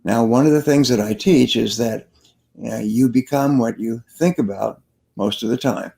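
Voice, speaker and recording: A man's voice: medium pitch, normal speed, creaky, mellow. An older man, a sales trainer being interviewed, telling stories and giving advice in an earnest way, repeating key phrases for emphasis. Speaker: sales trainer and guest speaker.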